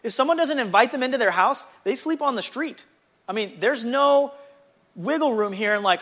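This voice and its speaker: High, bright-voiced Bible teacher. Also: male voice, moderate pace. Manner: chatty, animated, jokey asides. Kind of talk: casual Bible lesson.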